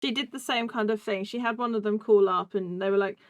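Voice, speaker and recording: A woman on a casual podcast chat, telling quick funny stories with quoted voices. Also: medium pitch, fairly even intonation, no echo, clean studio sound. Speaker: podcast co-host.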